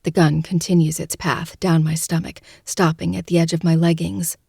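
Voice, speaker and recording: A woman narrating a first-person audiobook, with a hushed, tearful delivery in tense moments. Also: lowish voice, flat delivery, moderate pace, vocal fry, slightly rough, dry recording, clean studio sound.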